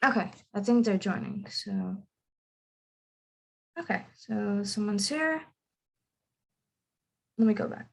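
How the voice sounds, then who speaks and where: A woman's voice: medium pitch, lively intonation, slow pace, vocal fry, long pauses. A young woman teaching English pronunciation in an online class. She is patient and repeats example words over and over to model the stress. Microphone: video call.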